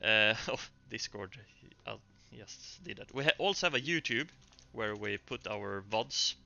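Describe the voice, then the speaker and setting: A man with a very bright, forceful voice narrates a tabletop role-playing game as game master, in a relaxed, halting way full of fillers. The stream mic sounds dull and lo-fi. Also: fairly low pitch, gravelly.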